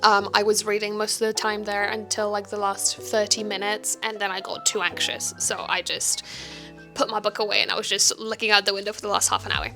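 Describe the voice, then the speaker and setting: A woman's voice: medium pitch, fairly quick, bright, forceful tone, faint music behind. A young woman telling a casual vlog story, chatty and self-mocking, swearing freely. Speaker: vlogger. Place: hotel room.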